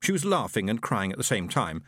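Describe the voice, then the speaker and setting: A man narrating a science fiction audiobook in a measured storytelling manner with lively inflection. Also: lowish voice, husky, dry recording, studio quality.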